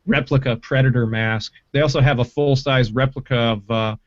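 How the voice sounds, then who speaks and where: A man hosts a casual livestream, spinning profane, rambling stories with plenty of animation. His voice sits at a middling pitch and comes through a desk mic and mixer. The stream audio sounds dull and lo-fi. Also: fairly even intonation, moderate pace. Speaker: livestream host.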